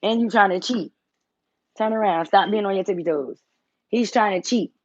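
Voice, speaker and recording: A woman's voice: mid-range voice, moderate pace, no room sound, lo-fi sound. A woman hosting a casual livestream from home, blunt and teasing, swearing freely as she talks. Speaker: tarot reader and channel host.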